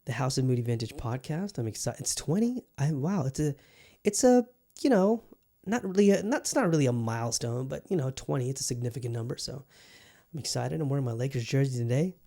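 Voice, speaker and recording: A man talks on his solo podcast in a loose, rambling way, often starting over and throwing in a curse now and then. His voice sits at a middle pitch for a man. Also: expressive, a little fast, dark tone. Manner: rambling, many fillers and restarts, casual swearing. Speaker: podcast host. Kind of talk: casual solo podcast chat.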